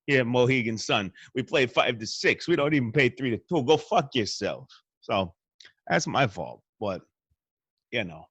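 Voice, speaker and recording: Foul-mouthed rambling stand-in host, mid-pitched man, close and dry mic in a hotel room. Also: lively intonation, measured pace, a bit bright, slightly rough, no room sound. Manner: rambling, crude and boastful. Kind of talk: profane comic monologue.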